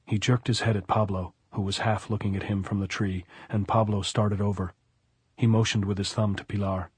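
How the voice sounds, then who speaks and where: A man narrating an audiobook in a measured, even storytelling manner. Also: fairly low pitch, husky, no echo.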